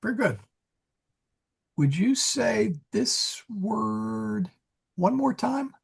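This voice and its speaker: A man's voice: sits high, animated, very slow, creaky, slightly rough. A man leading an online Latin reading group, explaining grammar patiently and correcting himself as he goes. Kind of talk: casual online class.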